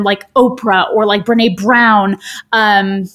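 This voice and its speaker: A woman guest on a podcast interview, explaining a framework in an animated, theatrical way and slipping into voices. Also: mid-range voice, unhurried. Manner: animated, theatrical, does voices when quoting. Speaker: guest speaker.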